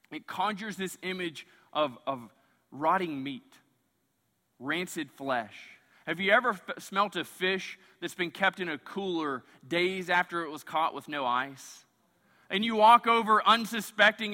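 A man preaching a sermon as pastor, animated, surging loud and then dropping quiet. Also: sits high. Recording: long church hall reverb.

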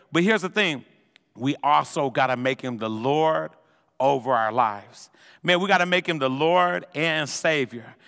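Energetic male preacher, high bright voice, casual delivery in a reverberant sanctuary. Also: vocal fry. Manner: energetic, conversational preaching, says "man" constantly. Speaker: pastor. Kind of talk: sermon. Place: church sanctuary. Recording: long hall reverb.

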